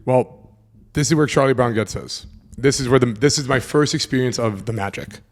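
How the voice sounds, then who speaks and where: A man in his twenties hosting a podcast, telling a personal story in a casual, animated way and acting out the voices of the people in it. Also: mid-range voice, a little fast. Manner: animated, acts out quoted voices, swears casually. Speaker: podcast host.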